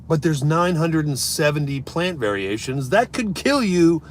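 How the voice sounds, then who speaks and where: A man's voice: a little high, animated, measured pace, a little hiss or hum. A man live streaming, ranting casually and mocking his chat in a brash, swearing way. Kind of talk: casual comedic rant.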